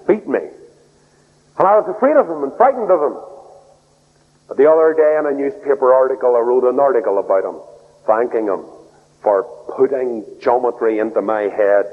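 A man preaching a sermon, swinging between loud raised outbursts and low, soft lines. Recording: tinny phone-like radio broadcast in a hall.

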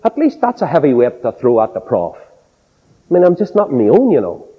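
A man with a Northern Irish accent preaching a sermon, telling stories with folksy asides and dropping from high exclaims to low confiding tones. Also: wildly swooping pitch, moderate pace, slightly rough. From Northern Ireland. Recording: dull lo-fi tape in a reverberant hall.

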